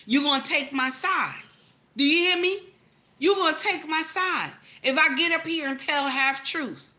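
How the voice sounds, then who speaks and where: Woman, 30s; preachy relationship commentator, repeats herself for emphasis; bright, slightly high voice. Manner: emphatic, repeats lines, calls out to listeners.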